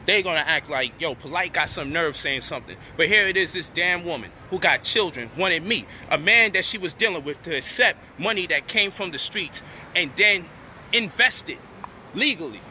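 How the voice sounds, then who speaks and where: Indignant man ranting with a bright edge. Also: fairly high pitch, lively intonation, normal speed, a little hiss or hum. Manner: indignant, profane, rising to near shouting at times. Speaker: online commentator addressing his audience. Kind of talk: heated direct-to-camera rant.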